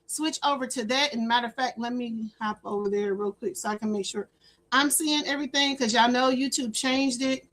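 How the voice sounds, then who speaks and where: A woman runs a casual livestream from her home setup. Her voice sits high and bright above most women's. She chats easily, doubles up her words and welcomes each viewer by name. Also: brisk. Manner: chatty, repeats words, greets chat by name. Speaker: livestream host.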